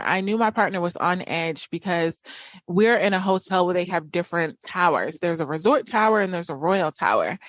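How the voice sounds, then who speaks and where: A woman hosts a podcast and talks through a personal story in a loose, chatty way, full of fillers and restarts. Her voice sits a little low for a woman. The sound is dry and close. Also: no echo. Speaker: podcast host.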